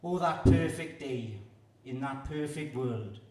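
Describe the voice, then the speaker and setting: A man's voice: medium pitch, slow, darkish tone. A man from Wales, performing his own rhyming poems aloud. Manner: rhythmic rhyming recitation. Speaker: performance poet. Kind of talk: poetry performance. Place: live venue with audience. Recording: echoey room, distant mic.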